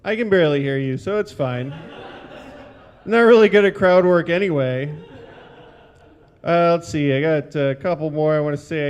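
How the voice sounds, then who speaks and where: A man with a high voice delivers stand-up one-liners into a handheld mic on a brewery stage. His delivery is dry and awkward, and he keeps undercutting his own jokes with asides. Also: darkish tone, clear, resonant tone. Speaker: stand-up comic.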